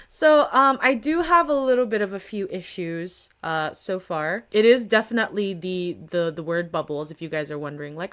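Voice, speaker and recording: Woman webcomic reader, mid-pitched, casual asides between panels. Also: lively intonation, moderate pace, a bit bright, clear, resonant tone. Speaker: webtoon reader. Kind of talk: reading a comic aloud with commentary.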